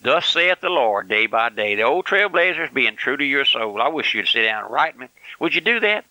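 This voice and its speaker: A man's voice: medium pitch, expressive, moderate pace, pushed and bright, no room sound, poor audio. An older man preaching a fiery, folksy radio sermon with lots of emphatic repetition.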